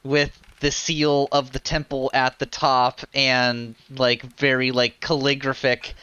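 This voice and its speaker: A man narrates a tabletop game as dungeon master, rambling loosely with fillers. His voice is bright and crisp, and the recording sounds dull and lo-fi. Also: medium pitch, flat delivery, takes it slowly, dry recording. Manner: rambling, heavy on fillers like "like" and "you know".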